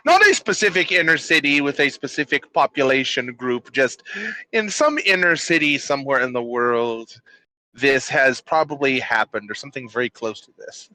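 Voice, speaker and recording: A man co-hosting a casual podcast, delivering dry, deadpan sarcastic remarks. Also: medium pitch, moderate pace, no room sound, poor audio.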